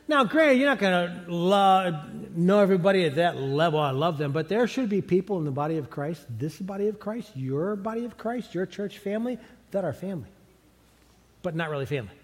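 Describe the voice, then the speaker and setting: A middle-aged man preaching a sermon as pastor, conversational and animated, chuckling now and then. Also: high voice, brisk. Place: large church sanctuary. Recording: long hall reverb from a church sanctuary.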